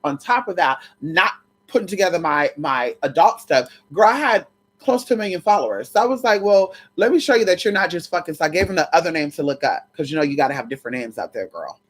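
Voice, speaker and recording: A woman's voice: low-pitched, expressive, fast talker, slightly rough. A woman vlogger telling a brash, profane story straight to her viewers in a chatty way. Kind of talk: storytime chat to camera.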